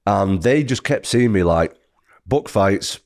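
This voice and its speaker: A man's voice: on the low side, animated, slow pace, a little mellow. A man in his thirties with an English accent, a guest telling his story in a casual, rambling way with lots of fillers. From United Kingdom. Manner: rambling, filler-heavy, self-correcting. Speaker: guest fighter.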